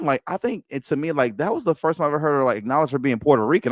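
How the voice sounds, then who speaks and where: A man's voice: on the high side, rapid-fire, no room sound. Joking man on a dry home mic. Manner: joking, animated storytelling with stammered restarts. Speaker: podcast co-host. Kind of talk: casual wrestling chat.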